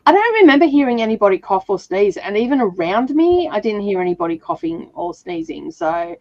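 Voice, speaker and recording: A reading sprint livestream is hosted by a woman whose sore throat leaves her voice a bit rough, though she chats casually and laughs often. Her medium-pitched delivery is sing-song, a little fast and a little mellow, on dull audio with no room sound.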